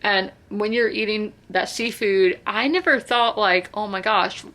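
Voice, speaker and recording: A woman's voice: mid-range voice, a little slow, fairly bright tone. A woman, chatting casually about a book she read and reading passages aloud. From South Carolina. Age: 20s. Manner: chatty, filler-heavy, reads passages aloud. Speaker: book reviewer. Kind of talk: casual book review vlog.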